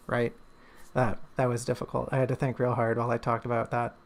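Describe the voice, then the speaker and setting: Gravelly man rambling on a stream. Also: medium pitch, monotone, brisk. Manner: rambling, joking, self-deprecating. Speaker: author and streamer. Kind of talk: casual livestream chat.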